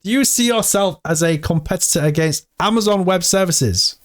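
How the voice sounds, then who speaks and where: A man giving casual, excitable commentary to his viewers while reading through a crypto AMA. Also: sits high, normal speed. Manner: excitable, hyped, talks to viewers as "team". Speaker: crypto vlogger.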